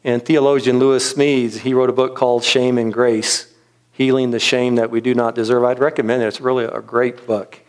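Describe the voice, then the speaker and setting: A middle-aged man speaks in a gentle, earnest sermon voice. He tells his story slowly and reflectively, pausing often between phrases. His pitch sits in an ordinary middle range. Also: flat delivery. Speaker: pastor.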